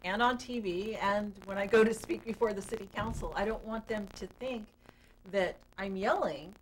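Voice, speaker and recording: A woman hosts a studio talk show, asking her guest earnest, practical questions. Her voice sits at a mid pitch, with faint noise behind it. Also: normal speed, low-quality recording. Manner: earnest questions, laughs easily. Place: local TV studio.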